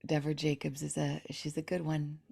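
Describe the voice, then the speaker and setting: A woman with a low voice hosts a podcast in a relaxed, chatty way. She is effusive and talkative, and laughs often. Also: fairly quick, gravelly, breathy edge. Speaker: podcast host. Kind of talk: casual interview chat.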